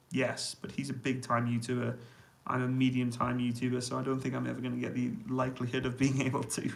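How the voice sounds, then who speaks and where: A YouTuber with a mid-range, noticeably gravelly, fry-tinged voice chats casually with live-stream viewers, reading their comments aloud and answering in a relaxed way with frequent laughter. He's in a small indoor room in army accommodation, and the audio is poor.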